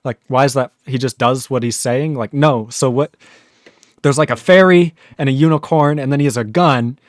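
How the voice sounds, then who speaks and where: A man's voice: mid-range voice, moderate pace, dry recording, clean studio sound. A man with a Northern US accent, a guest rambling animatedly with many fillers in a casual livestream chat.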